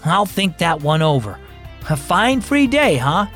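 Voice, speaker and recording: A man's voice: high-pitched, sing-song, measured pace, fairly bright tone, soft background music, exaggerated voice. A man voicing a weary drunk neighborhood man who slurs and mutters, as the reader of a children's radio story. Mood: doubtful. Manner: slurred, muttering.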